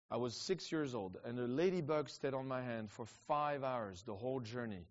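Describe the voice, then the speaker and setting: French is the first language of this middle-aged evangelist guest, who tells casual stories with lots of restarts and rapid asides in a lively, meandering style. The audio sounds a little muffled and dull, and his pitch sits mid-range for a man.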